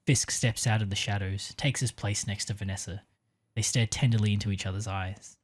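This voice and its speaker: A man co-hosting a casual podcast, pitching a story with many hesitant fillers and easy laughs. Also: steady tone, a little fast.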